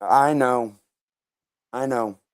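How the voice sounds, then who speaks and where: A man on a panel, speaking haltingly and often restarting his sentences. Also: medium pitch, no echo, clean studio sound. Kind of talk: heated panel discussion.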